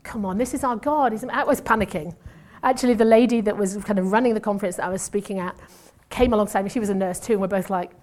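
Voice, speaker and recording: Speaking fast in a medium-pitched, somewhat dark voice, a woman in her fifties shares her testimony sermon. Once a nurse and now a church speaker, she keeps it chatty and pokes fun at herself through asides.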